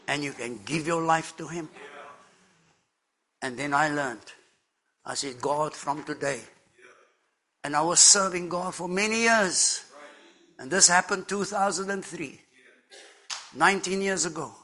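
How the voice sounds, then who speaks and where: A man's voice: on the high side, bright, forceful tone. An older man giving an earnest, emphatic testimony in a church service. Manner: earnest and emphatic, with slow deliberate phrasing. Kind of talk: sermon testimony.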